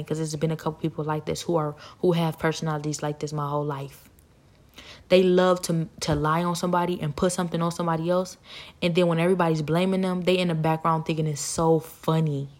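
A woman with a lowish voice delivers a rambling, animated personal monologue. She laughs often and now and then drops almost to a whisper.

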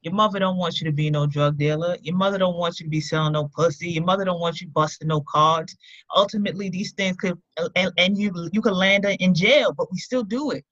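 A woman's voice: lowish voice, brisk, a bit bright, no room sound. A woman co-hosting a podcast, talking bluntly and emphatically in casual slang. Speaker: podcast co-host. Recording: slightly dull lo-fi sound.

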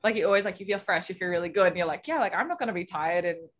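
Young female athlete, casual, animated storyteller, laughs easily. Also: lowish voice, very fast. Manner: animated storyteller, acts out quotes, laughs often. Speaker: guest swimmer. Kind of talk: casual interview chat.

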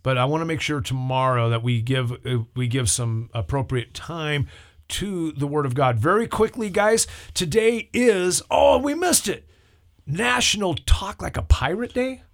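A man's voice: on the high side, lively intonation, unhurried. A man, a pastor, hosting a church call-in radio show in a talkative, upbeat way and leading prayer. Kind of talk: casual radio chat.

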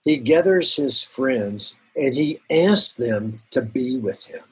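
A middle-aged man speaking as a guest pastor in an earnest, reflective faith conversation, often laughing softly and repeating words. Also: mid-range voice, animated, slow, slightly rough.

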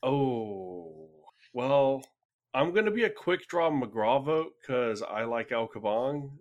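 A man's voice: medium pitch, sing-song, slow pace, dull audio. A man co-hosting a casual podcast chat, hesitant and dry in his jokes. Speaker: podcast co-host.

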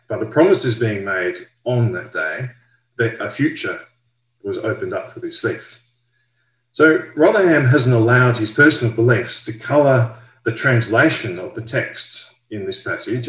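A man's voice: fairly low pitch, fairly bright tone, echoey room, poor audio. A man giving a careful, step-by-step Bible study explanation as a teacher.

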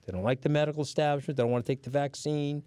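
A man's voice: fairly high pitch, fairly even intonation, very fast, dark tone, clean tone, no room sound. Blunt, swearing New York man. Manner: blunt, combative, swears freely. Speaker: podcast guest. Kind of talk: profane storytelling in casual chat.

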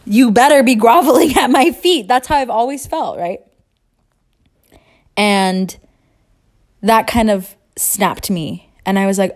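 A woman's voice: mid-range voice, darkish tone. A woman in her twenties talking candidly in a casual personal vlog, rambling and swearing freely as she moves between rooms. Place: moving between rooms at home.

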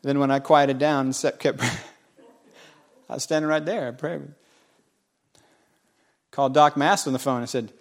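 A man in his forties preaching a sermon, folksy and joking with the congregation, swinging between loud exclamations and quiet asides. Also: medium pitch, fairly even intonation, a little slow, pauses often. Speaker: pastor.

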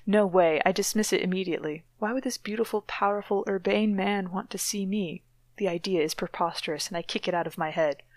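A woman's voice: medium pitch, steady tone, fairly quick, darkish tone, no room sound. Dry-voiced woman reading aloud wryly. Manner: wry, mocking asides. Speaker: podcast co-host reading a novel aloud. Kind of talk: dramatic reading with sardonic commentary.

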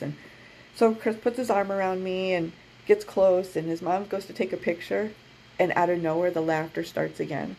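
A woman sharing a story in casual chat from her office, animated and breaking into laughter as she acts out what others said. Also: on the low side, moderate pace, vocal fry, a little hiss or hum, low-quality recording. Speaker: podcast co-host.

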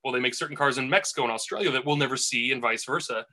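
A man's voice: mid-range voice, racing, sharp tone. A man casually telling a rambling golf caddy story on a podcast, full of restarts and asides.

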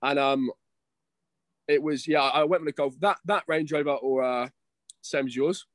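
A man's voice: fairly high pitch, normal speed, no room sound. A young man chatting casually as a guest, rambling, swearing and calling everyone mate and bro. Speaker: guest, competing bodybuilder. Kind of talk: casual chat.

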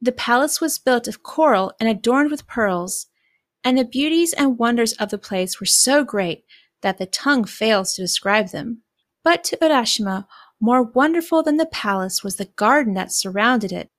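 A woman narrating a fairy tale in a clear, descriptive reading voice. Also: fairly high pitch, lively intonation, moderate pace, dry recording, studio quality. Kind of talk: storybook reading.

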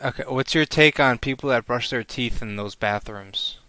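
A man hosting a casual podcast chat, talking loudly and animatedly and laughing often. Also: mid-range voice, moderate pace, dry recording. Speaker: podcast host.

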